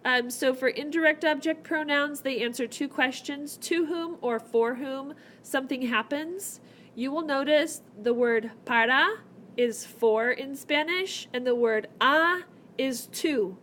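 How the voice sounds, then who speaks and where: A woman with a high voice walks through a whiteboard lesson, explaining each step in a chatty, friendly way. She talks into a laptop mic, and faint noise hums underneath. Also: a little slow, fairly bright tone. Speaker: Spanish teacher.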